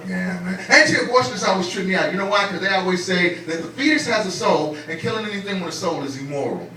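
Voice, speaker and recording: A man's voice: sits high, expressive, fast. A man doing a stand-up comedy set on a club stage, profane and streetwise, firing rhetorical questions at the audience. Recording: echoey club from far off, crowd laughter. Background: audience laughing.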